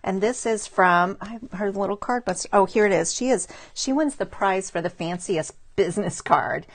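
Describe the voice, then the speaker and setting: A middle-aged woman chatting warmly on a live craft stream, admiring handmade cards and greeting viewers by name. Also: mid-range voice, moderate pace. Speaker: stamping demonstrator showing cards to live viewers. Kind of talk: casual live craft show-and-tell.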